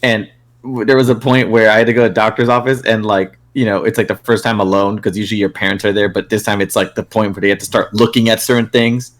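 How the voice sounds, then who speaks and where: This young man co-hosts a podcast and speaks fast, his voice lowish and level. He tells a crude, rambling story in casual chat, full of fillers and laughter.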